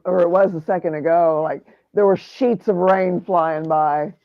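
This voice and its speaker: A woman's voice: fairly low pitch, unhurried, no room sound, muffled recording. A middle-aged woman in casual chat, frank and laughing often.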